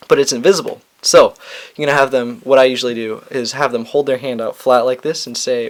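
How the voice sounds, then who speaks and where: A young man talks through a card trick as a tutorial host, in a relaxed, chatty way full of small restarts. His voice sits at an ordinary middle pitch. He sounds like he is explaining to a friend across a table. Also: brisk. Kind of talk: casual instructional explanation.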